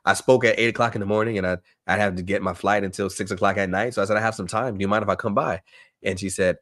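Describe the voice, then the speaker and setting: A man with a fairly low voice presents a live online workshop for teachers. He talks with eager energy, often repeating words and checking in with his audience through questions. The sound is dry and close, with no room around it. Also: steady tone, rapid-fire, fairly bright tone, dry recording.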